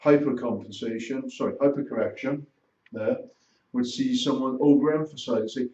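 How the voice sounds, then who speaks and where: Male lecturer summing up a unit, mellow voice, talks in short measured chunks. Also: mid-range voice. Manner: measured, broken into short phrases. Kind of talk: recorded lesson summary. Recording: roomy, distant, dull sound.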